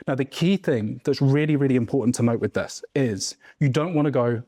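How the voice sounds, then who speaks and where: A man's voice: medium pitch, brisk, few pauses, darkish tone, no room sound, studio quality. A man coaching a room of business owners on sales, talking emphatically and checking in with "right?" and "okay?". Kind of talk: mastermind teaching talk. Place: room with a group.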